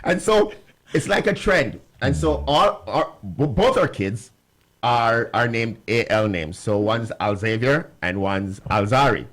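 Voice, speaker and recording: A man's voice: medium pitch, expressive, measured pace, a bit bright. Laughing Jamaican man telling a story. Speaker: co-host. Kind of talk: casual studio talk. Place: radio studio.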